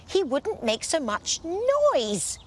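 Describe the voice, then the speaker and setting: A woman's voice: very high voice, wildly swooping pitch, slow, a little hiss or hum, pitched above the performer's own voice, heavily acted. A woman voicing a grumpy, mischievous little fairy in a bedtime storybook.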